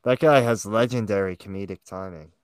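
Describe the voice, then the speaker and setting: A man's voice: fairly low pitch, a little fast, clear, resonant tone, dry recording, studio quality. A man co-hosting a comedy podcast, chatting casually, laughing often and swearing as he tells stories. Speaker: podcast co-host.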